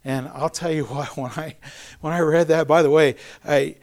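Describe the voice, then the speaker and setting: A middle-aged man preaching a sermon in a conversational, joking way, with self-deprecating asides and animated storytelling. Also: on the high side, moderate pace. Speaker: pastor.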